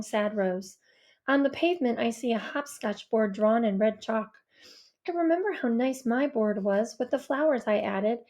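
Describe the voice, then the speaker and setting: A woman narrating a first-person novel in a gentle, wistful way. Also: fairly high pitch. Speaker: audiobook narrator.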